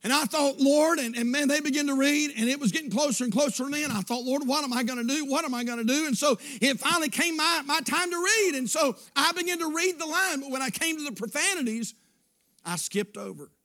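A man in his fifties delivers a sermon in a strikingly high voice for a man. He swings from shouted declarations down to hushed, intimate storytelling. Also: lively intonation, brisk. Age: 50s. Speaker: preacher.

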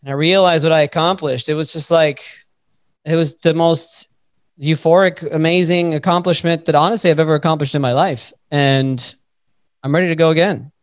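A man hosting a podcast, telling a story in a lively, casual way and swearing freely. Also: a little high, normal speed, no room sound, clean studio sound. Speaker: podcast host.

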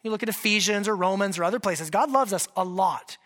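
A man's voice: high voice, a little fast, a bit bright. A man preaching a sermon as pastor, talking conversationally and checking in with the congregation. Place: church in Washington state.

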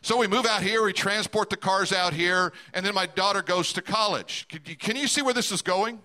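High bright-voiced middle-aged preacher. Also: male voice, brisk. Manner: storytelling, asks the congregation direct questions. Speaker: pastor. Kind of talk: sermon.

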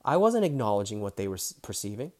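A man's voice: fairly low pitch, big pitch swings, fast talker, darkish tone. Candid man telling his life story. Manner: candid, swears freely, acts out dialogue; emotional, close to tears. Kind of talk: personal storytelling.

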